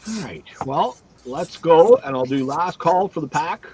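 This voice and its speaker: A man's voice: on the high side, unhurried, rough recording. A man hosting a casual livestream card break, reading out cards and teams one after another. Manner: reads out cards and teams in a steady run.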